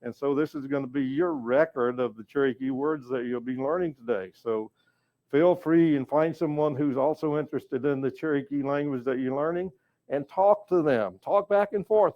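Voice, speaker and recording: An older man from North Carolina giving a language lesson, patient and slow, repeating each word so the learner can follow. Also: on the high side, dull audio. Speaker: educator and storyteller.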